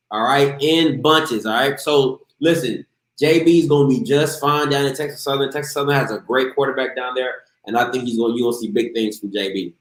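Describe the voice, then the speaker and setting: A man hosting a casual live interview show, hyped and slangy, talking straight to his viewers. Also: medium pitch. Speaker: show host. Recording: echoey room.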